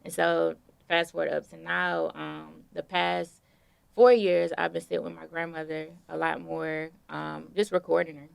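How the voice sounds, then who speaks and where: A young woman with a low voice and a strongly gravelly, fry-heavy texture. She talks in a relaxed, storytelling way during an interview, full of fillers. The sound is dry and close. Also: moderate pace, dry recording. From Detroit. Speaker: guest artist. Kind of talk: casual interview conversation.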